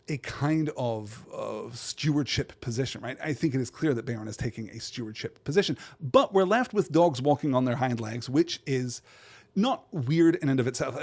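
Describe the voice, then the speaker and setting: A man with a voice of ordinary pitch hosts a literary podcast. He thinks aloud in a digressive way, restarts phrases and keeps asking "right?" as he works through his points. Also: darkish tone, husky. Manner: reads verse aloud in measured cadence. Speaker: podcast host.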